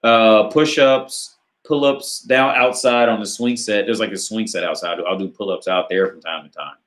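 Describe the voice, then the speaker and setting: A man's voice: fairly low pitch, moderate pace, a bit bright, roomy sound. A man hosting a casual live Q&A on dating, reading out viewer questions and answering in a rambling, profane way full of filler words. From United States. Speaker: dating advice channel host.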